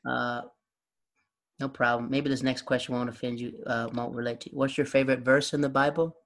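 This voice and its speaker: A man's voice: mid-range voice, flat delivery, brisk, fairly bright tone. A man hosting a podcast, chatting casually and asking teasing questions. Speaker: podcast host. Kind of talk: casual interview chat.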